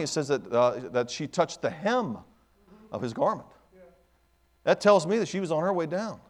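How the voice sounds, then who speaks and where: A man preaching a sermon in church, emphatic and repetitive, building his points in rising bursts. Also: a little high.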